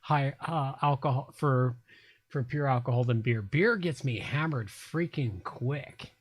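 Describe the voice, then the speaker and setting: A man's voice: mid-range voice, a little slow, breathy edge, no echo. A middle-aged man hosting a casual late-night livestream from his apartment, tipsy and blunt, swearing freely as he chats. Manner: blunt, profane, drawling. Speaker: livestream host. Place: home apartment.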